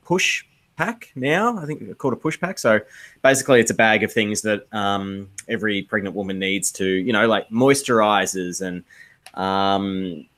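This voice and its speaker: A man co-hosts a casual live-stream chat. He talks in a relaxed, rambling way, often pausing on fillers. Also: fairly low pitch. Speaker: podcast co-host.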